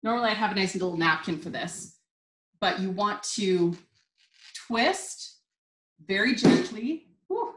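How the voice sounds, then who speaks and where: A woman's voice: medium pitch, lively intonation, a little slow, pauses often, background noise. Bubbly woman teaching a wine lesson. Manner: bubbly, chatty and upbeat. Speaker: wine instructor. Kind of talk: live online wine tasting lesson. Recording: roomy echo.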